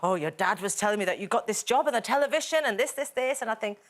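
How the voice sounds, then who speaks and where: Lively chatty woman panelist. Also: a little high, quick pace. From England. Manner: animated storyteller acting out quotes. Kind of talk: casual chat.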